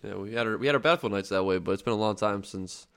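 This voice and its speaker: A man co-hosting a podcast in casual chat, easygoing, agreeable and quick to laugh. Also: on the low side, smooth. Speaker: podcast co-host.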